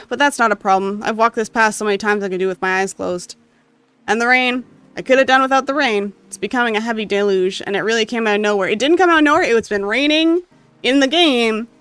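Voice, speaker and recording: A gamer reading a story game's text aloud with emotional, expressive delivery and occasional asides. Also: mid-range voice, clear, resonant tone, no room sound. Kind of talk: dramatic reading of game text.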